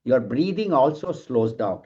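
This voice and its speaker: A middle-aged man giving a calm, explanatory scripture class and now and then telling a light joke. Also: mid-range voice, unhurried, breathy edge. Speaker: spiritual teacher. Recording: dull lo-fi sound.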